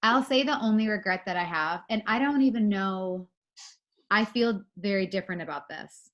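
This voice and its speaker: A woman's voice: mid-range voice, normal speed, a bit bright, dull audio. Chatty woman on a video call. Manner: chatty, many filler words. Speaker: co-host of an online moms' meet-up. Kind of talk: casual chat, storytelling.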